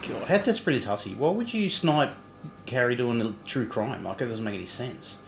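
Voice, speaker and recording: A man's voice: medium pitch, expressive, fairly quick, creaky, echoey room, slight background noise. Blunt, cussing male stream host. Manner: blunt, swearing, laughs often. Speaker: livestream host. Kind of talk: casual commentary chat.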